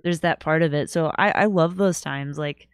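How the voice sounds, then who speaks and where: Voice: mid-range voice, normal speed, clean tone, no room sound. A podcast co-host chatting casually in a laid-back way and laughing often.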